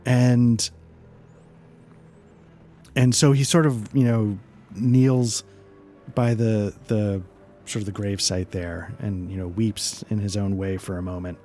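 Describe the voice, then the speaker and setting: A man narrating as game master in a loose, halting way, full of fillers. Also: on the low side, flat delivery, mellow, soft background music.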